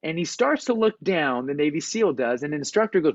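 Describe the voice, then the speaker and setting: A male performance coach tells a story during a motivational video-call talk. His voice sits a bit high and swings widely in pitch. The audio is dry and dull, with a lo-fi call quality. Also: a little fast, few pauses, no echo. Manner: storytelling, animated, acts out quotes. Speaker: performance coach, guest speaker.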